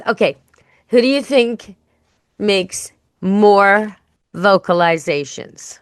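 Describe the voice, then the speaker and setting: A woman's voice: lowish voice, lively intonation, slow, smooth, no room sound, clean studio sound. A woman hosting a pet radio show, chatting casually and playfully. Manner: chatty, playful, imitates animal sounds. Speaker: podcast host.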